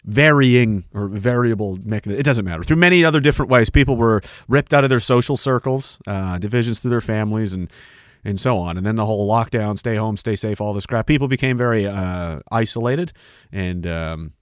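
A man with a lowish voice talks briskly while hosting a livestream from home, recorded dry at studio quality. He rambles casually, swears often, and cuts himself off mid-sentence as he reads the chat.

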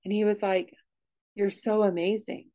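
A woman speaks as an interview guest, telling a personal story candidly. Her delivery is emotional and comes in quick bursts, with frequent restarts mid-sentence. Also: medium pitch, flat delivery, mellow.

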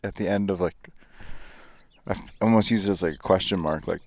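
A man's voice: sits low, a little fast, darkish tone, no room sound. A man hosting a podcast in casual chat, joking and laughing often, recorded outdoors near an airstrip. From United States. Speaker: podcast host.

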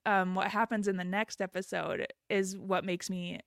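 A woman's voice: mid-range voice, moderate pace, gravelly, no echo, studio quality. A woman co-hosting a casual podcast chat, telling stories with frequent giggles. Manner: giggly, animated storytelling. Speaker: podcast co-host.

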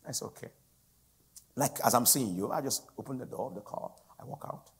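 A man preaching a sermon as a guest speaker, swinging from loud, pleading outbursts down to hushed whispers. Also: medium pitch, quick pace, husky.

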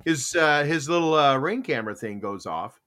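A man's voice: fairly high pitch, moderate pace. A man on a talk panel, retelling stories in a casual chat and acting out the people in them. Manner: animated storyteller, acts out both sides of quoted exchanges. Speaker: panel host.

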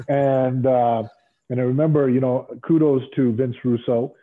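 Husky-voiced man, ex-wrestler guest, rambling anecdotes, phone-quality audio. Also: mid-range voice, measured pace. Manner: rambling, animated, many fillers and restarts. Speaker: former pro wrestler as guest. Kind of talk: casual storytelling. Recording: tinny phone-like line.

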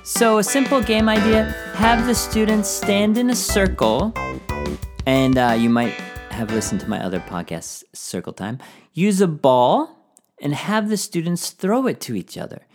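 A man's voice: high voice, lively intonation, unhurried, music in the background. A man hosting a teaching podcast, giving encouraging classroom tips and often singing short phrases.

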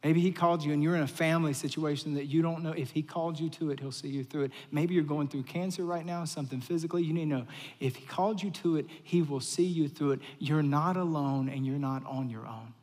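A fairly high-voiced man preaches to his congregation in a casual, storytelling style, returning to the same phrases for emphasis. He swings between near-whispers and loud, punchy lines. His voice rings out through a large hall with a long reverb tail. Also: fairly even intonation, fast. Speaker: pastor. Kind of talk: conversational sermon.

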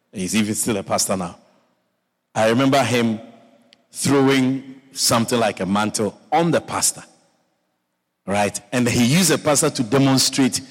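Preaching as a pastor, a man speaks with a mid-range voice that trails off into a long reverb tail. His delivery is playful and animated, with frequent repeated words and side remarks.

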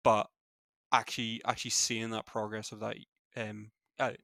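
A young Northern Irish man with a Belfast accent, a former student, chats casually as an interview guest. His fairly low voice is flat and gravelly, and he talks fast with plenty of fillers and restarts. The recording is dry and close, with no room sound.

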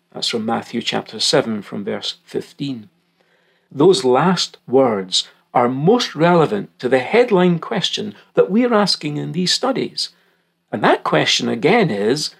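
A male Bible teacher and broadcaster delivers a recorded teaching talk, measured and earnest, leaning hard on key words. His voice carries a gravelly texture. His pitch moves freely as he reads scripture and explains it. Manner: reads scripture passages aloud.

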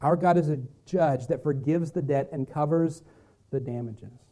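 A pastor delivers a sermon with a mellow, slightly high male voice. He swings from loud, emphatic lines down to hushed, quiet ones as he preaches. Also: moderate pace.

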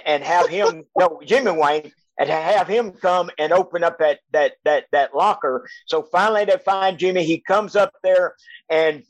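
Older retired coach; high, dry voice; rambling, stop-start storytelling over a video call. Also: male voice, no echo, low-quality recording. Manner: halting, repeats words, chuckles as he tells. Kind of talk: storytelling on a casual podcast.

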